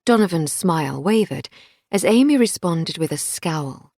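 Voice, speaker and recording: A woman reading a crime thriller audiobook in a measured storytelling manner. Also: fairly low pitch, lively intonation, gravelly, a little mellow, dry recording, clean studio sound. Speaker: audiobook narrator. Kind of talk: scripted narration.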